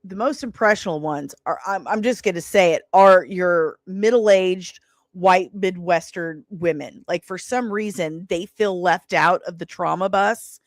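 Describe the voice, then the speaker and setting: A woman's voice: lowish voice, measured pace, no echo. A woman in her forties telling a story in an emphatic, indignant way, as a salon owner. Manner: emphatic, indignant, stresses words hard. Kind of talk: casual storytelling.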